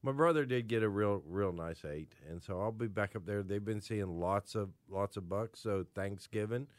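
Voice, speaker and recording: A man's voice: on the low side, moderate pace, no echo. A middle-aged man co-hosting a radio show in a studio, telling easygoing stories about hunting trips. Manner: easygoing storytelling with restarts. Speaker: radio co-host. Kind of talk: casual radio chat.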